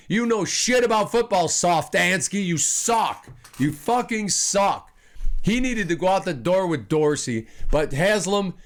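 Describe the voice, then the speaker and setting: Angry profane man ranting, slightly high voice. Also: fairly bright tone. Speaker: fan podcast host. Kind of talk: profane sports rant.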